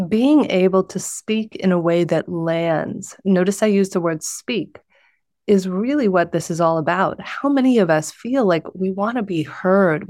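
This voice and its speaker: A woman's voice: fairly low pitch, darkish tone, no room sound, clean studio sound. A woman hosting a podcast interview, speaking earnestly and turning to address her listeners directly. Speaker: podcast host and speaking course co-teacher.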